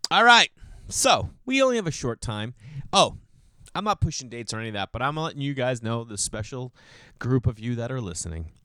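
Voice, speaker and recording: A man in his thirties hosting a podcast, telling stories in a casual, animated monologue and slipping into mocking voices for the people he quotes. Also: on the low side, clear, resonant tone, dry recording, studio quality. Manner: animated storytelling, mimics voices. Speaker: podcast host.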